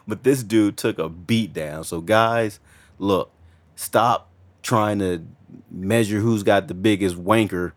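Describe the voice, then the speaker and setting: Deep-voiced joking male co-host. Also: steady tone, slow pace. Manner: loose and joking, repeats words. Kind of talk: casual radio chat.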